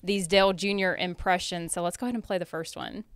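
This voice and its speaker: Smooth-voiced woman hosting a podcast. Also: lowish voice, fairly even intonation, quick pace, no echo, studio quality. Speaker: podcast host. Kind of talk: hosting a chat show segment.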